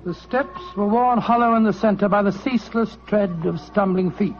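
An actor playing Dr. Watson, a proper gentleman narrating and speaking indignantly, in old-time radio acting. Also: high-pitched, moderate pace. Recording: dull old radio recording with music.

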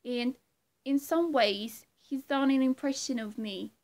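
A cheery, rambling Australian man, throwing out slang greetings at a bit of a high pitch and an unhurried pace, as a woman puts him on. It is a comedic impression. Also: a little mellow. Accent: Australian (put on). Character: man doing a boastful Australian film star.

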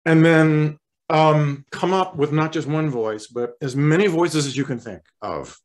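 A male voice actor chatting as an interview guest, relaxed and rambling, often clearing his throat. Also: fairly high pitch, a little slow. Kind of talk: casual interview chat.

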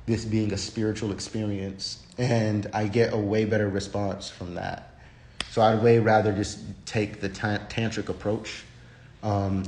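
A man's voice: fairly low pitch, darkish tone, slight background noise. A man hosting a casual livestream and talking bluntly and profanely, rambling with frequent restarts. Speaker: livestream host. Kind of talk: casual unscripted livestream rant. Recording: roomy echo.

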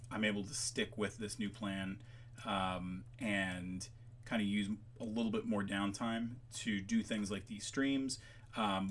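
A man hosting a casual livestream while he works, rambling off on tangents with lots of ums, his voice gravelly at times. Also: on the low side, a bit bright. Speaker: livestream host making maps.

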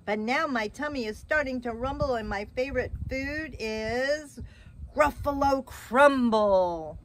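A woman's voice: sits high, a little slow, slight background noise. A woman voicing a small, clever, boastful male mouse as she reads a storybook aloud. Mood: cocky.

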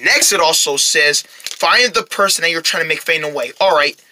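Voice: medium pitch, moderate pace, pushed and bright, slight background noise. A performer voicing a grumpy cartoon rabbit who grumbles, schemes and brags. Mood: scheming.

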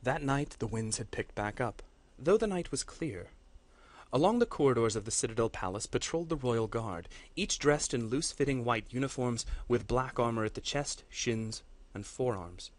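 A man, a course instructor, reading a fantasy story aloud in a measured, dramatic way. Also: mid-range voice, animated, no echo.

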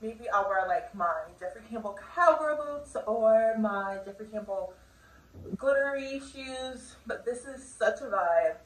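A young woman rambles happily through a try-on haul at home, chatty and bubbly, her voice sitting slightly high. The audio is roomy and echoey, as if the camera mic is a few feet away. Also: animated, distant mic, slight background noise. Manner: chatty, bubbly, drawn-out filler words. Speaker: fashion vlogger. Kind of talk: casual try-on haul chat. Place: home room.

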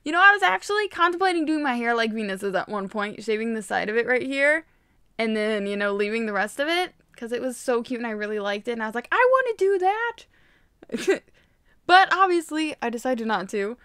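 A young woman chatting casually while unboxing toys, gushing and gasping with excitement. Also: fairly high pitch, a little fast, smooth, no echo, clean studio sound. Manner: gushing, excitable, frequent gasps. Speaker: toy vlogger.

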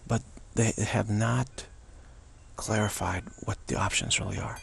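A man's voice: medium pitch, animated, normal speed, creaky, slight background noise. A man giving an unscripted spiritual teaching outdoors, rambling and repetitive, often restarting his sentences.

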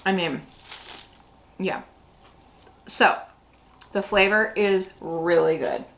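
A woman's voice: lowish voice, takes it slowly, fairly bright tone, poor audio. A woman hosting a casual snack review, chatty and full of fillers as she thinks aloud. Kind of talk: casual food review chat.

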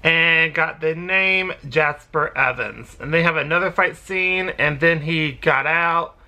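A woman with a bright, forward voice talks through a TV episode as host of her own reaction channel. Her recap is loose and chatty, full of ums and little hesitations. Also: sits low, takes it slowly. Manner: rambling, hesitant with frequent ums and short laughs.

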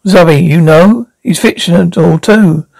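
A man voicing a brisk, clever young woman with a matter-of-fact manner. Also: sits high, gravelly, a little mellow, heavily acted, low-quality recording.

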